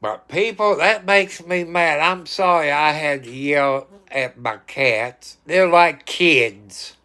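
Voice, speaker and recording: A man with a drawl chats at an unhurried, easygoing pace. His voice is bright and forward, with a fairly high pitch for a man, and he now and then stops to talk to his pets. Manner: talks to his cats, sometimes scolding loudly. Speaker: livestreamer. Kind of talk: casual chat.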